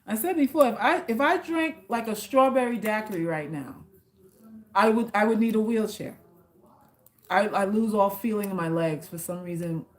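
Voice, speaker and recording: A woman talks casually to her viewers on a live stream. She reads out their comments and answers with blunt, slangy teasing and some cursing. Her pitch sits in the ordinary middle. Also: moderate pace. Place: South Florida.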